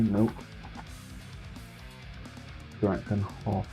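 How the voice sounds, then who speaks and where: A man hosting a relaxed livestream, chatting casually with his viewers while painting miniatures, joking and swearing freely. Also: lowish voice, normal speed, vocal fry, hardly any pauses, faint music behind. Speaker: livestream host.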